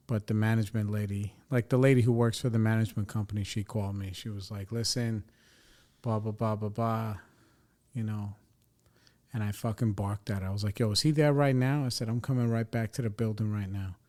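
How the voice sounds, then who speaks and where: Podcast host, male, lower voice, casual profane storyteller venting. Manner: rambling, profane, animated venting.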